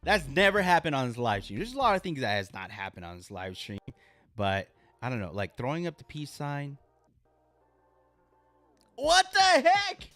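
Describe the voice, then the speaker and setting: A man hosting a casual live stream, chatting with viewers and reacting with loud exclamations. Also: medium pitch, a little fast, faint music behind. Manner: animated, exclaims and laughs at viewers' comments. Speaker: live stream host reviewing knives.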